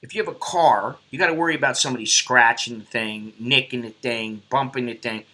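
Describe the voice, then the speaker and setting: A man's voice: medium pitch, brisk, pushed and bright. A man hosting a live stream, rambling bluntly and swearing at viewers in casual chat. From United States.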